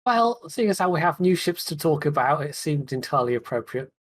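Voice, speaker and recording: A man hosting a gaming podcast in casual chat, chatty and quick to laugh, often trailing off mid-sentence. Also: fairly high pitch, very animated. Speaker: podcast host.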